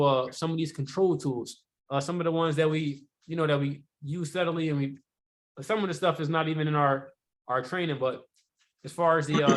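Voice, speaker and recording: A man teaching sales technique in a relaxed, conversational way, often checking in with rhetorical questions and filler words. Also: a little high. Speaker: sales trainer. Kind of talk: casual sales training talk.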